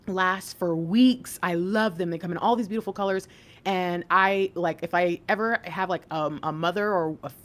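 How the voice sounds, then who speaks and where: A woman's voice: on the low side, fairly bright tone. A woman giving a casual spiritual card reading, chatty and encouraging, often laughing as she talks. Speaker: intuitive reader.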